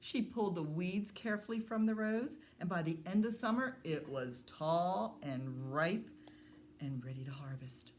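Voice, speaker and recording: A woman who is a children's librarian, telling a story to young children at story time in a slow, sing-song way. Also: fairly low pitch, a little mellow, slight background noise.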